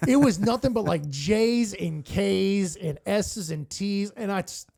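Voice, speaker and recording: A man who co-hosts a morning radio show, a guest telling animated, profane stories and acting out quotes in casual chat. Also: high-pitched, slow, creaky. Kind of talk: casual storytelling.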